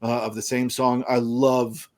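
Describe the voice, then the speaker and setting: A man hosting a casual book discussion, thoughtful and musing, pausing to find his words. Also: medium pitch, level tone, a little mellow. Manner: thoughtful, musing, trails off between ideas. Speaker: podcast host.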